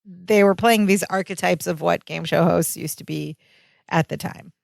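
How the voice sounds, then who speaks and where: A woman co-hosting a podcast, retelling a sitcom episode in casual chat and jumping into higher voices for the quotes. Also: normal speed, creaky, no room sound, clean studio sound. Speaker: podcast co-host.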